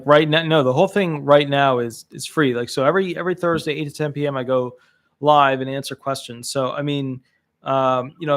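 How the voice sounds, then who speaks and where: Chatty man with a gravelly voice. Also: medium pitch. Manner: chatty, upbeat, lots of fillers and restarts. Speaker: disability attorney hosting a live call-in show. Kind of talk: casual live call-in advice.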